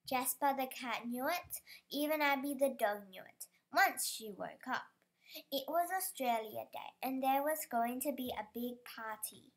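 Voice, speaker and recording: A woman reading a children's picture book aloud, careful and stumbling over some words. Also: sits high. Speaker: storybook reader.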